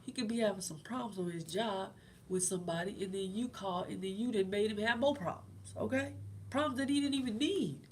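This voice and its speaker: A woman's voice: medium pitch, brisk, darkish tone, slight background noise. A middle-aged woman hosting her own channel, talking casually and encouragingly about faith to her viewers and often repeating her points. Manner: conversational and encouraging, repeats phrases. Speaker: host.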